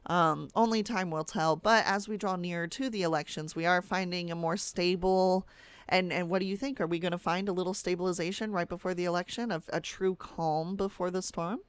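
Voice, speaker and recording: A woman's voice: on the low side, steady tone, brisk, clear, resonant tone, dry recording. A woman co-hosting a podcast, giving chatty, opinionated news commentary in a casual conversation. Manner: chatty, opinionated, talks through things. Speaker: podcast co-host.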